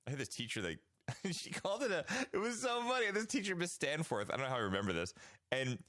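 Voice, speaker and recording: A man's voice: on the high side, big pitch swings, fast talker, fairly bright tone, dry recording, clean studio sound. A man co-hosting a podcast, telling rambling, loose stories full of fillers in casual chat. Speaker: podcast co-host.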